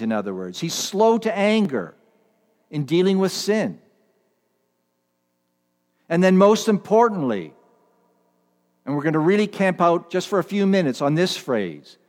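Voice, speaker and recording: Guy preaching in church, kinda high voice, lots of ups and downs, long echo off the walls. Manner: repeats and stresses key words, swings between loud and hushed. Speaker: pastor. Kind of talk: sermon.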